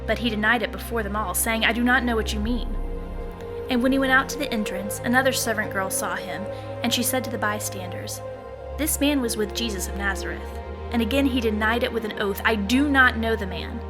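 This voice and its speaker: A woman's voice: a little high, brisk. Woman reading scripture over music. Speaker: scripture reader.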